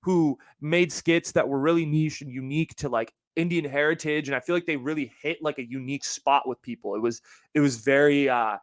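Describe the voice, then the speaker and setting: A young adult man hosting his solo podcast, ranting in a casual, animated and profane way. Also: on the high side, no echo, clean studio sound. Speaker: podcast host.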